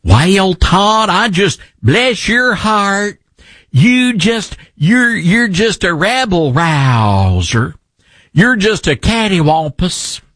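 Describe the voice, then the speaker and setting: A man's voice: high-pitched, big pitch swings, a bit bright, dry recording, voice pushed up, exaggerated voice. A man doing an exaggerated impression of an older Southern male politician, with a put-on Southern drawl and homespun sayings. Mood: folksy. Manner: slow, sing-song homespun sayings.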